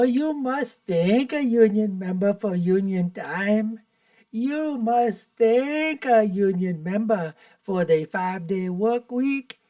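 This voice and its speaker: A man's voice: sits high, dark tone, no echo, clean studio sound, distant mic. A man doing a put-on South Indian accent. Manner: exaggerated, sing-song. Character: mocking parody of a woman politician.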